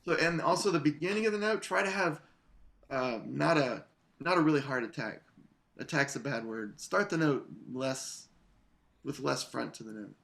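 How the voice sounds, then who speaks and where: A man coaching an English horn player in a masterclass, relaxed, singing phrases to show the rhythm. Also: medium pitch, normal speed, vocal fry. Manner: relaxed, sings phrases to demonstrate. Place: online video masterclass.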